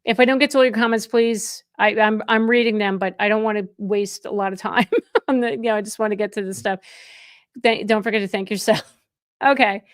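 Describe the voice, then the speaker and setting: A chatty middle-aged woman hosts a real estate live stream and talks to her viewers in a warm rush, often stopping and restarting her sentences. Her voice sits at an ordinary pitch for a woman. It is recorded close and dry, with no room sound. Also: steady tone, a little fast, no echo. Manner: effusive and chatty, with frequent restarts. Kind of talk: casual live stream chat.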